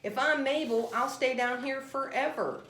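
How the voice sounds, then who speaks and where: A polite, earnest young girl, played by a woman with her voice lifted higher than her usual tone. It is a gentle storybook telling, recorded in an echoey room. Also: normal speed, a little hiss or hum. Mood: tearful. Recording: roomy echo.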